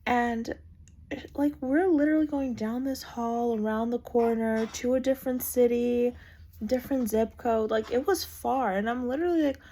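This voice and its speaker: A young adult vlogger casually tells her birth story, chatty and full of "like" fillers, acting out quoted voices. Her voice is a little high and warm, at a moderate pace.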